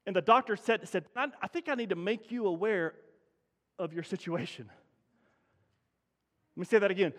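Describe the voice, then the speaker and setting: A middle-aged man preaches a sermon with a high-pitched voice, talking to the congregation like a neighbor before pushing into loud, emphatic peaks. The sound carries the long reverberation of a church sanctuary. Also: a little fast. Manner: conversational preaching with rising emphatic bursts. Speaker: pastor.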